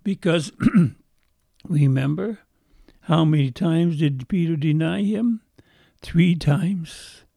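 A man's voice: fairly high pitch, takes it slowly, gravelly, pauses often, warm tone, no room sound, clean studio sound. A man preaching a sermon, retelling a story in a folksy way and repeating phrases for emphasis.

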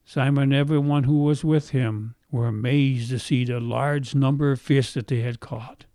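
A man's voice: mid-range voice, fairly even intonation, normal speed, mellow, dry recording, studio quality. A middle-aged male pastor preaching a sermon. He has a faint brogue-like sound left from a speech impediment, repeats phrases for emphasis and asks his listeners questions.

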